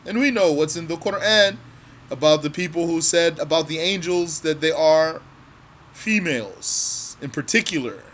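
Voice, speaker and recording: A man's voice: a little high, fairly bright tone, slight background noise. A man teaching a religious text line by line. He reads Arabic phrases, then translates and explains them word by word, often repeating himself. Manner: slow and deliberate, repeating phrases.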